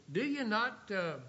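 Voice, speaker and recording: In a bright, high voice, a male preacher gives a sermon, reading scripture aloud and drawing out key phrases for emphasis. The audio is dull and lo-fi.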